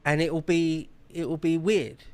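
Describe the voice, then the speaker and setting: A man in a casual political chat, talking quickly and sounding incredulous. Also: fairly high pitch, fairly even intonation, clean tone.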